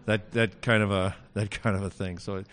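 A man teaching a Greek grammar class in a casual lecture, pausing often with fillers and dropping wry asides. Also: fairly low pitch, level tone, fairly bright tone.

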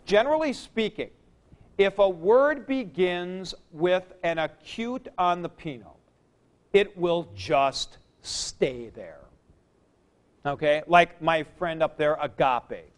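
A man teaching a class, explaining slowly with fillers and "okay?" checks to the students. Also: sits high, lively intonation. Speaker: Greek teacher. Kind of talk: classroom lecture.

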